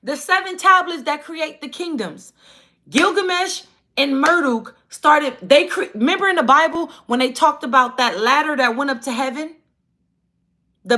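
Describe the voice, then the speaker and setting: A woman hosting a livestream, telling a story in a casual, animated and profane way. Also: high-pitched. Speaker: livestream host.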